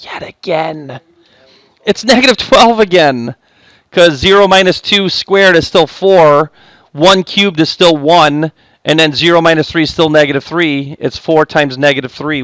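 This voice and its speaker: A man teaching a math lesson, chatty and jokey with quick asides and self-interruptions. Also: on the high side, fairly bright tone, no room sound. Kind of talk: recorded classroom lecture.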